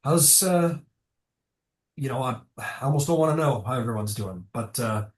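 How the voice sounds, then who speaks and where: A gruff but friendly dwarf stonemason from a tabletop game, voiced by a game master. He talks in a rough, informal way. The voice sits in an echoey room. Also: medium pitch, animated, moderate pace, distant mic, lightly acted.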